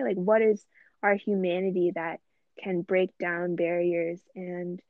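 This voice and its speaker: A woman's voice: lowish voice, no room sound. A woman co-hosting a casual faith discussion, talking earnestly and reflectively and often quoting scripture. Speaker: podcast co-host. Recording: dry, tinny phone-like line.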